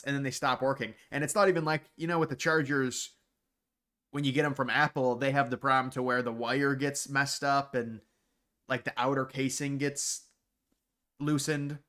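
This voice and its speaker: A livestream host from Ohio rambles bluntly through viewer questions, restarting often. His voice sits mid-range with a slightly bright quality.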